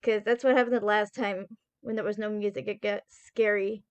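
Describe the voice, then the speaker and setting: A woman's voice: medium pitch, fairly even intonation, moderate pace, clean tone, dry recording, muffled recording. A woman streamer commentating a game, jumpy and nervous, reacting with giggles and worry. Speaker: gaming streamer. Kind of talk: let's-play commentary. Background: game music.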